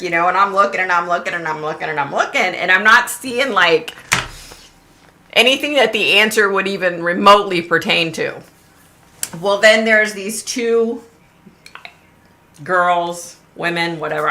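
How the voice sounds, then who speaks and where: A middle-aged woman hosting a psychic livestream tells a story in casual chat, laughing often and acting out what other people said. Her voice is fairly low, her pace moderate, and she leaves long pauses.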